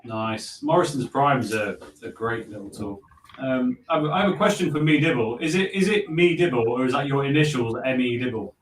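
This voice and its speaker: A man's voice: medium pitch, expressive, moderate pace. A man co-hosting a casual livestream chat, making dry, wry remarks. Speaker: co-host. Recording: roomy, distant mic with faint noise.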